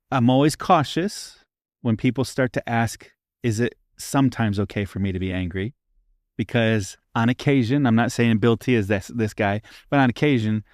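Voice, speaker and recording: Pastor guy, lowish voice, earnest chat, keeps saying right?, dry sound. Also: a little mellow, no echo. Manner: earnest, uses frequent "right?" tags. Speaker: pastor and podcast co-host. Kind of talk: casual faith discussion.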